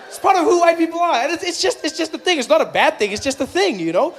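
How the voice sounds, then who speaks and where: Playful South African comedian. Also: male voice, very high voice, animated, fast talker. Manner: conversational, playful, acts out voices. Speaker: stand-up comedian. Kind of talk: stand-up routine.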